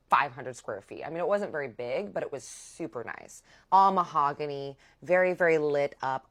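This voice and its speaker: A young woman telling a personal story to viewers in a chatty, animated way. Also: low-pitched. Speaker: vlogger. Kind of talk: storytime vlog.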